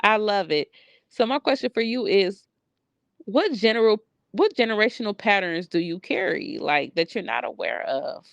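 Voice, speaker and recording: Gravelly-voiced middle-aged woman, frank. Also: mid-range voice, animated, normal speed, no echo, lo-fi sound. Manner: frank, blunt and conversational. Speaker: psychic medium. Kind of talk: candid personal video journal.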